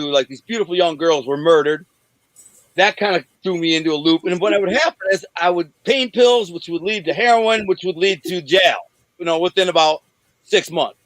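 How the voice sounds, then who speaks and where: A man in his forties from Detroit, bluntly telling rough stories in an interview over a video call, rambling with many restarts. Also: high voice, no echo, rough recording. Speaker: interview guest. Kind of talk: candid storytelling in an interview.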